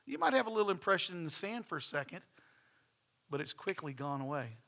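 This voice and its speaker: A man's voice: on the high side, sing-song, a little fast, vocal fry, bright, forceful tone. A middle-aged man, preaching a sermon in church with folksy stories and phrases repeated for emphasis. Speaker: pastor.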